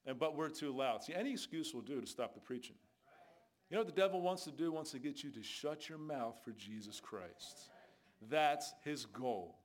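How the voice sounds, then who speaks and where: A man's voice: medium pitch, expressive, moderate pace. A man preaching a sermon as a street preacher, telling stories and asking rhetorical questions with emphatic delivery.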